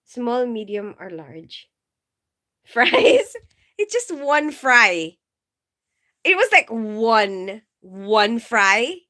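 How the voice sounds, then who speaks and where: A woman chats casually on a livestream, giggling as she greets viewers by name. Her voice sits a little high, with a bright, crisp edge. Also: very animated, very slow. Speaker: nurse livestreamer.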